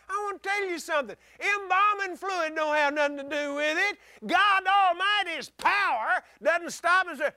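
A male preacher giving a folksy sermon, chuckling often and rising into shouts. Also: extremely high pitch, normal speed, few pauses, no room sound, clean studio sound.

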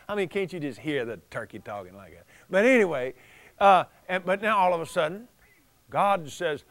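A man preaching a folksy sermon, telling the story with chuckles and animated storytelling. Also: on the high side, moderate pace, dry recording.

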